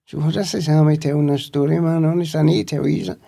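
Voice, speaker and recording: A man's voice: a little high, steady tone, fast, creaky, dark tone. A man with a Scottish accent, telling rambling, profanity-laced stories as a guest in a casual interview. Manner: swears freely, rambling anecdotes. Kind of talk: casual storytelling.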